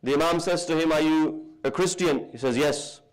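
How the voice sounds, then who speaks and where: A man from the UK giving a sermon in a large hall, telling a religious story with lively emphasis and Arabic terms mixed in. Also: a little high, normal speed. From United Kingdom. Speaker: preacher.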